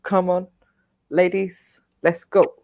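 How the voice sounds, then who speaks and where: A woman's voice: lowish voice, level tone, slow pace, vocal fry, a little mellow. A woman hosting a casual livestream chat, playful and laughing as she eggs the others on. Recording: music playing behind.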